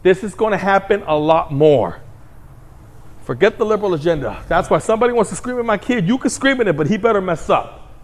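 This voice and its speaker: A man's voice: sits high, lively intonation, brisk. A man who is a parent, ranting his opinions in a mocking, profane way and acting out the voices of the people he quotes. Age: adult parent. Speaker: commentary channel host. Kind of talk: opinion rant to camera.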